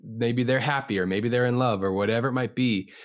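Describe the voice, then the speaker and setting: A man's voice: mid-range voice, steady tone, fairly quick. A man, an improviser co-hosting a podcast, talking earnestly and reflectively about improv. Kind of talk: casual chat reviewing an improv show.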